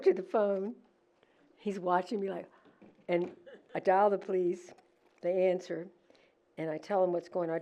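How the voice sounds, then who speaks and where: A middle-aged woman telling a story in a casual, animated way, acting out what people said. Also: fairly low pitch. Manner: animated, laughing, acts out quoted lines. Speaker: decorator at a museum holiday event.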